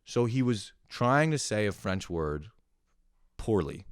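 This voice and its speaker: Brief: young male comic, low voice with a wide, lively swing, sarcastic and foul-mouthed, close dry sound. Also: slow pace, clear, resonant tone, dry recording. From lives in Montreal. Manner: animated, sarcastic, swears a lot. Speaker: comedian ranting to camera. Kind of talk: profane comic rant.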